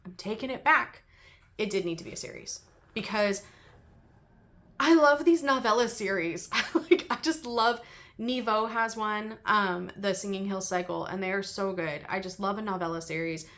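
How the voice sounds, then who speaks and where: A woman talking casually through her week's reading with an even, middle pitch. She rambles, giggles often and fills her pauses with ums. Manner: chatty and giggly, laughs often between thoughts; rambling with frequent ums and restarts. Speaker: book reviewer and channel host. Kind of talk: casual chat.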